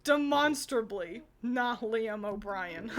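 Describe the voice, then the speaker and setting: Slow-talking, high-voiced woman streamer. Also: a bit bright. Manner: chatty, rambling, laughs often. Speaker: streamer reacting to fan art. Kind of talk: casual chat.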